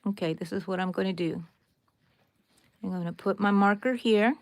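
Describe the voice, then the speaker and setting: A woman's voice: mid-range voice, normal speed, no echo. A woman with a Texan accent hosting a live crochet tutorial, chatting casually and directly with her viewers with rambling asides. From Texas, USA. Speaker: crochet livestream host.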